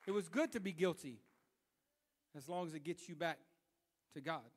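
Animated young man preaching a story. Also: a little high, normal speed, big-room sound. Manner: animated, swings from hushed self-scolding to loud retelling. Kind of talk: sermon storytelling.

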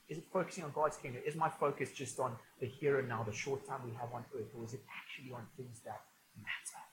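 A man's voice: medium pitch, fairly even intonation, fast talker, noisy background. Man preaching with humor. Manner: conversational and humorous, with frequent restarts. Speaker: pastor. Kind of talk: sermon. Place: church auditorium.

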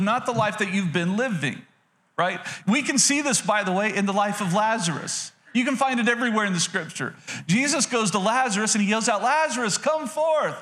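A man's voice: sits high, sharp tone. A male pastor giving a sermon in an emphatic, repetitive preaching manner with frequent restarts.

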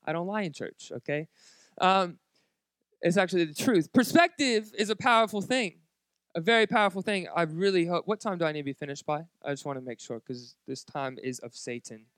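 A man's voice: high-pitched, fairly quick, a bit bright, clean tone, dry recording, clean studio sound. A man preaching a sermon at a church service, joking and chatting directly with the congregation. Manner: jokey, chatty, talks straight to the congregation. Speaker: pastor.

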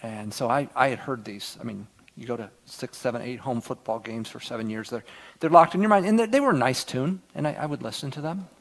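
A middle-aged man preaching a sermon as pastor, earnest, swinging from loud emphasis down to near-whispers. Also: medium pitch, animated, brisk.

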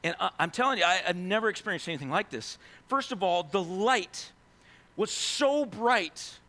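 A man preaching a sermon, telling stories in an animated way with many asides to the listeners. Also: sits high, moderate pace. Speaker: pastor.

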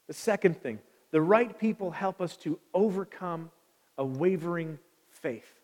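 A pastor with a high-sitting, darkish voice preaches conversationally at a measured pace, his intonation lively as he puts questions to the congregation. The church sanctuary gives the recording a long, large-hall reverb.

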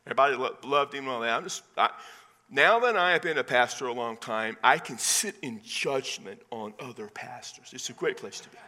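Lively Texan pastor in echoing hall. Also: male voice, medium pitch, brisk. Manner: animated, conversational preaching with asides. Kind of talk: sermon. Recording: long hall reverb.

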